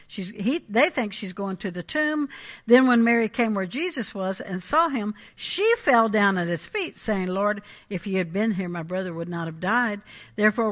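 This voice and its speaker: A woman with a mid-range, fairly bright voice preaches a Pentecostal sermon, emphatic and conversational, frequently checking in with the congregation.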